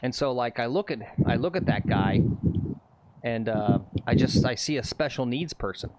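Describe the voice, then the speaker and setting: A man's voice: mid-range voice, expressive, moderate pace, heavy background noise. A man hosting a casual golf livestream, rambling and reading viewer comments aloud. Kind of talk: casual live-stream chat. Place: outdoors on a golf course.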